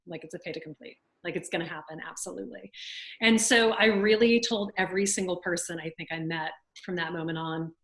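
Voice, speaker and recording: A woman in her forties from Louisiana with a Southern accent, telling a lively story as a guest on a video call, laughing often. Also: lowish voice, poor audio. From Louisiana, USA. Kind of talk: storytelling in an interview.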